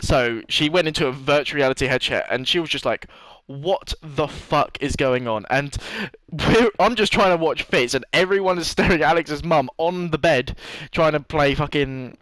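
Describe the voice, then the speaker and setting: A man's voice: on the high side, moderate pace, few pauses, fairly bright tone, no echo, rough recording. A young man telling a long rambling story to his vlog audience, swearing freely and laughing often. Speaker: vlogger. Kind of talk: casual storytelling monologue.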